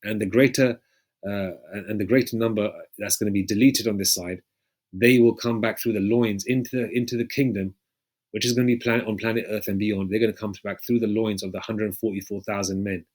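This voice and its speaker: A man preaching in a loose, rambling way, often pausing to check in with his listeners and swearing freely. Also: on the low side, fairly even intonation, darkish tone. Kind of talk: casual street-style preaching with scripture readings.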